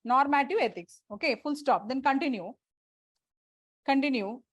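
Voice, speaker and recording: A woman's voice: high-pitched, moderate pace, fairly bright tone, breathy edge, no room sound. A woman teacher, dictating lecture notes to a class, repeating phrases and spelling out words letter by letter.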